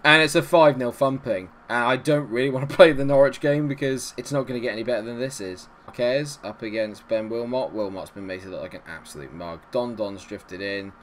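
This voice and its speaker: A man hosting a gaming channel, giving excitable, ranting commentary on his own game. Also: mid-range voice, brisk, hardly any pauses, a little hiss or hum.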